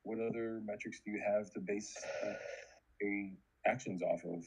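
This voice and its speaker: A man chatting casually in a laid-back, musing way, with a husky voice. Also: fairly low pitch, fairly even intonation, normal speed, poor audio. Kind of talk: casual group chat.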